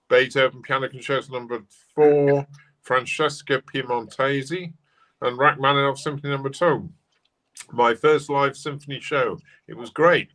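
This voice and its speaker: A man's voice: mid-range voice, fairly bright tone, poor audio. A man co-hosting a livestream in a casual chat, reading out comments in a plain, matter-of-fact way. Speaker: co-host.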